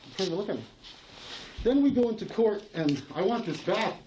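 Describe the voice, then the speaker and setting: A man's voice: high-pitched, animated, a little fast, mellow, slight background noise, poor audio. A man in a heated face-to-face argument, insistent and profane, repeating himself and talking over others. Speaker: channel owner confronting a sheriff.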